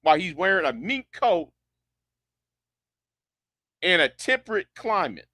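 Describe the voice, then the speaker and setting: A man's voice: high voice, big pitch swings, slow pace, pushed and bright, dry recording, clean studio sound. A man delivering a sarcastic, incredulous rant as an online commentator, often repeating himself. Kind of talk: ranting commentary.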